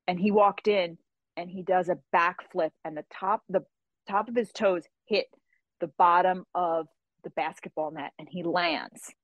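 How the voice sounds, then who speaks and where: A woman with a lowish voice recounts stories as a guest, animated and casual, slipping into other people's voices as she goes. The sound is dry and close, with no room around her. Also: unhurried, no echo, muffled recording. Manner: animated storyteller who acts out quoted voices. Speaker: guest author. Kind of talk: casual interview storytelling.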